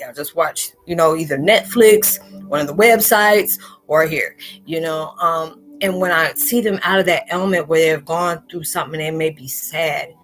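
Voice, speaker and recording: Earnest rambling woman vlogger. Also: on the low side. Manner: earnest, rambling, emotional, acts out quoted people. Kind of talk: heartfelt monologue to camera.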